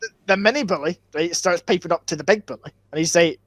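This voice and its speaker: A young Scottish man telling a school story on a podcast, sweary and excitable, tagging "right?" onto his sentences. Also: high voice, fast, dry recording. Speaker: podcast co-host. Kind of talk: casual storytelling chat.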